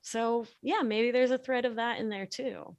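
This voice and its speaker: A woman talking as a podcast guest, explaining things in a calm, gentle, sing-song way. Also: on the high side, normal speed, muffled recording. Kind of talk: casual podcast conversation.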